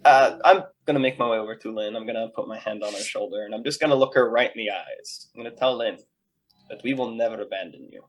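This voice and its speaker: A player in a tabletop game, speaking quickly and jokingly in character. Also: medium pitch. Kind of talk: casual in-character play.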